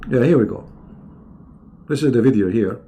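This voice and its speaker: A man hosting a livestream, talking casually with a mocking, sarcastic, animated manner. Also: medium pitch, normal speed. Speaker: livestream host.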